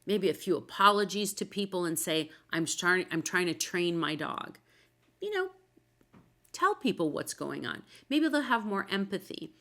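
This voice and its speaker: A woman's voice: mid-range voice, expressive, moderate pace, a bit bright. A woman hosting a talk show about dogs, chatting casually and telling anecdotes with quoted dialogue. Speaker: podcast host, dog expert.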